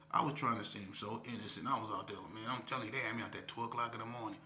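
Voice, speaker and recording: A middle-aged man from Las Vegas telling his own story in casual street talk, acting out other voices with sudden high shouts. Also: quick pace. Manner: animated, acts out quoted voices with sudden high-pitched shouts. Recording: echoey room.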